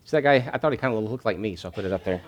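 A man's voice: lowish voice, expressive, racing. A man preaching a sermon, repeating key phrases for stress and reading scripture aloud with rising energy. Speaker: pastor.

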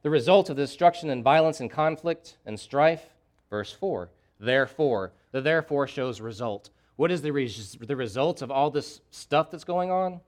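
Guy preaching a sermon, fired up and pleading, repeats stuff for emphasis, normal mid-pitched voice. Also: expressive, moderate pace, darkish tone. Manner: impassioned preaching with emphatic repetition, voicing a prophet's pleas. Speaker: pastor.

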